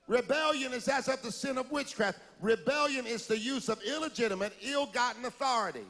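A preacher with a very high, bright and gravelly voice, delivering an animated sermon. He shouts out to the congregation and calls for a response, and a long hall reverb trails behind him. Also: fairly quick, few pauses. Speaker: pastor.

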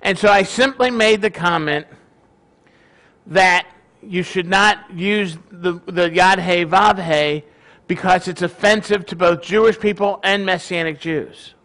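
A man, a rabbi, giving a sermon in a conversational, animated storytelling way. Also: high-pitched, unhurried.

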